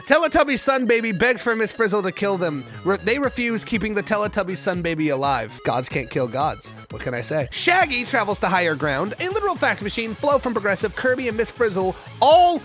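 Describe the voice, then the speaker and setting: A young man streaming a game, reacting excitably, swearing and yelling at what happens. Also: high-pitched, fairly quick, hardly any pauses. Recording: music playing behind.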